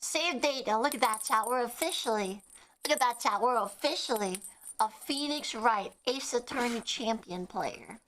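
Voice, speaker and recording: A woman's voice: fairly high pitch, moderate pace, a bit bright, a little hiss or hum. A woman chatting casually and joking while livestreaming a game. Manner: playful, jokey. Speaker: streamer. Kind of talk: casual game stream chat. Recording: game music behind.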